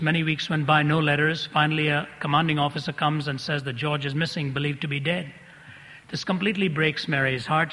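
A man's voice: a little high, pushed and bright. A man preaching a sermon, telling stories vividly and repeating phrases for effect. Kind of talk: sermon storytelling. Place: large hall before an audience. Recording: long reverb of a large hall.

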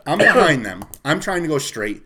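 A man's voice: fairly high pitch, moderate pace, slight background noise. A man telling a story in casual chat, ranting and swearing with lots of energy. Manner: profane, animated ranting.

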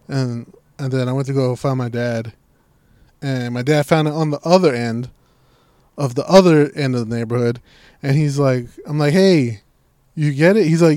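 A man's voice: mid-range voice, moderate pace, no echo, studio quality. A young man in casual chat, telling a story with lots of swearing and acting out what people said. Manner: profane, animated storytelling, voices quoted people.

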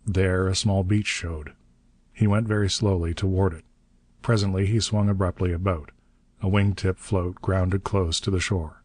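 A man reads a novel aloud in a steady, measured way. His voice is very deep and dark in tone. The recording is dry and close, with no room sound. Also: no room sound. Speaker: narrator. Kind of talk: audiobook narration.

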